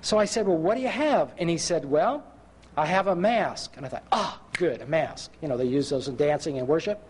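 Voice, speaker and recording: A man preaching a sermon, telling a story and acting out the voices of the people in it, slowing down for emphasis. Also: a little high, breathy edge. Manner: animated, acts out quoted voices.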